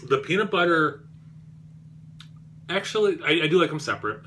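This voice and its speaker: A man reviews beer on his vlog, rambling and poking fun at himself, full of fillers and restarts. His voice is on the high side, bright and forceful, with lively intonation at a moderate pace and slight background noise.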